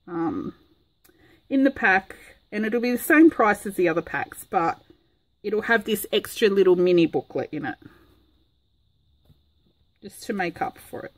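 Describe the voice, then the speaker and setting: A woman talks through a crafting project in a casual vlog. She rambles in a chatty way, filling gaps with ums, at a middling pitch. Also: rough recording. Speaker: craft vlogger.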